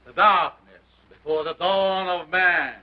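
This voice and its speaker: A man's voice: high voice, fairly even intonation, measured pace, muffled recording. An actor playing a commanding male mad scientist lecturing a carnival crowd, with an unplaceable accent and a declamatory delivery, on an old 1930s film soundtrack. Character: theatrical mad scientist showman, male, middle-aged, commanding.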